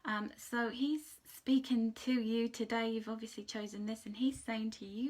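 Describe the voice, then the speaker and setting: A woman giving a chatty, rambling angel card reading, sometimes dropping into soft whispered asides. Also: fairly high pitch, steady tone, normal speed, few pauses. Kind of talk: casual spiritual card reading.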